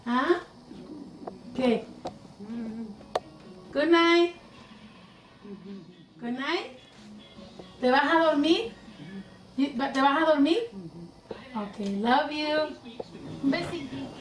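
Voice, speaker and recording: Soft high voice, slow gentle talk w/ some spanish, far off in an echoey room. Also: female voice, expressive, soft background music. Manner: gentle, tender, switching into Spanish. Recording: distant and roomy.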